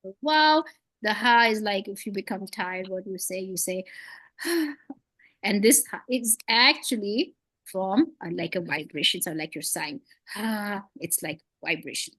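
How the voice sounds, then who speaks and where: A woman's voice: medium pitch, normal speed, fairly bright tone, dry recording. A woman teaching beginners to read, patient and encouraging, with playful memory tricks and frequent praise. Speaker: Quran reading teacher. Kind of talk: one-on-one beginner lesson.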